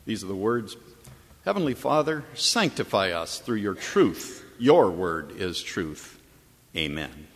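A man's voice: deep voice, sing-song, takes it slowly, in a large hall. A man preaching a sermon as pastor, telling a story earnestly and building to emphatic, repeated points. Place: church or chapel.

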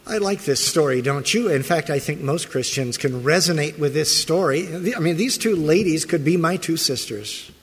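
A male pastor delivers a sermon with a slightly husky, higher-than-usual voice. He talks slowly and leans on rhetorical questions, his pitch rising and falling widely. The reverb of a large church hangs after his words. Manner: expressive preaching, rhetorical questions. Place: church sanctuary.

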